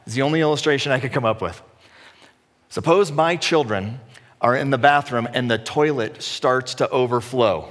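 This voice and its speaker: A man's voice: mid-range voice, fairly bright tone. A man preaching a sermon as a pastor, in a conversational way with self-deprecating humor. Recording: echoey hall.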